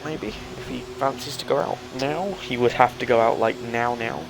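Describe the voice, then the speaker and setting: A man doing live play-by-play commentary on a sim racing league, quick and chatty as he tracks the cars. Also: medium pitch, gravelly, background noise.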